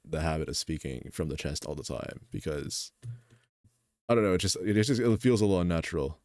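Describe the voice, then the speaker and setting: A man chatting casually as a streamer while he draws, rambling with lots of filler words in a deep, gravelly voice. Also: a little fast, darkish tone, no echo, clean studio sound. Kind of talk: casual chat while drawing.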